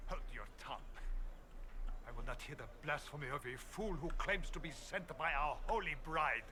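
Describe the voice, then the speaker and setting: A man's voice: fairly high pitch, moderate pace, lightly acted. An actor playing an anguished, devout man praying fervently in a video game. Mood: indignant. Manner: solemn, fervent. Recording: game audio with clear background noise.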